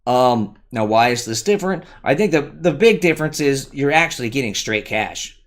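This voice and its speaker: A man's voice: mid-range voice, expressive, normal speed. A man hosting a solo livestream, explaining a point as he thinks aloud, with frequent asides and restarts. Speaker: livestream host.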